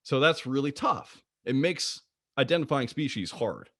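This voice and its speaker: A man presenting an online slide lecture about birds, playful and jokey, with wide swings in pitch. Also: big pitch swings, measured pace, fairly bright tone, dry recording, studio quality. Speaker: guest presenter of a bird talk.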